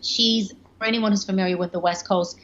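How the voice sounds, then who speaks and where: A woman life coach telling a personal story in a podcast interview, animated and full of quoted voices. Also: mid-range voice, a little fast. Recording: dull lo-fi sound.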